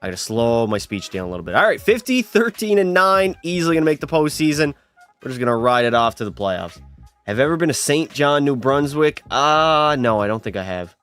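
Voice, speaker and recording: A man's voice: medium pitch, sing-song, a little fast, a bit bright, clean tone, soft background music. A young man live-streaming a hockey video game, chatting and teasing his viewers as he plays. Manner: chatty, teasing, banters with chat.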